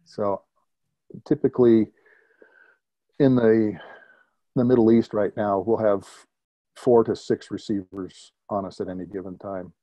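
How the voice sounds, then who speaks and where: A man in his fifties, a retired military pilot, telling lively anecdotes as an interview guest and chuckling at his own stories. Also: on the low side, unhurried, pauses often, no echo. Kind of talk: conversational interview storytelling.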